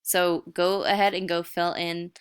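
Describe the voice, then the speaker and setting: A woman's voice: lowish voice, flat delivery, unhurried, clear, resonant tone. A young woman teacher recording a video lesson, explaining step by step in a casual way.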